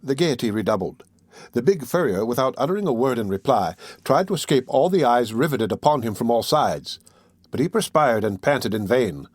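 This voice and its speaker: A man reading a classic novel aloud as an audiobook narrator, in a measured, unhurried way. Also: mid-range voice, big pitch swings, no room sound, clean studio sound.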